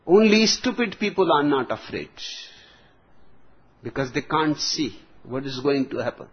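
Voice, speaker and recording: A man giving a spiritual discourse as a teacher, speaking slowly and deliberately with long pauses. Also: on the high side, big pitch swings, slightly rough. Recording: dull lo-fi recording.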